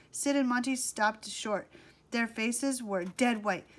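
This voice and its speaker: Slow, expressive woman reading a story. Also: on the high side. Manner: slow, expressive read-aloud. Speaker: audiobook reader. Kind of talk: storybook narration.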